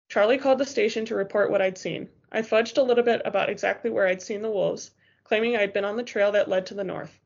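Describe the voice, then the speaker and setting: A woman's voice: mid-range voice, creaky, muffled recording. A woman narrating a first-person novel as an audiobook, in a tense, urgent storytelling manner.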